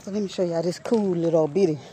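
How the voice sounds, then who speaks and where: A woman's voice: fairly low pitch, quick pace, mellow. A woman chatting casually to her viewers while walking a nature trail outdoors, out of breath and talking into a handheld phone. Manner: chatty, keeps addressing viewers as y'all. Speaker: vlogger.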